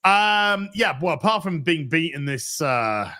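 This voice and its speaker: A man hosts a casual chat, reading viewer messages aloud. His voice is bright and a bit raised in pitch, and his delivery stays dry and offhand. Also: very animated, unhurried. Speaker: podcast host reading donations.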